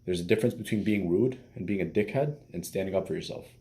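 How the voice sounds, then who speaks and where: A man's voice: low-pitched, fast, mellow. A man giving casual dating advice as a coach, blunt and profane, with many fillers.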